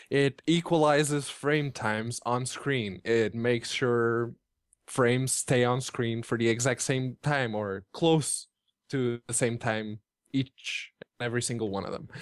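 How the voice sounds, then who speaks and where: A man's voice: medium pitch, no echo, clean studio sound. A man co-hosting a gaming podcast, explaining technical points bluntly with swearing. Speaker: podcast co-host. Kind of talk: casual banter podcast.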